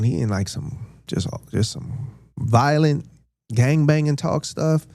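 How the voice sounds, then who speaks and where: In his fifties, this podcast host tells a casual story in a laid-back, slangy manner, acting out the quotes as he goes. His mid-range voice has a warm tone, and there's no room sound on the recording.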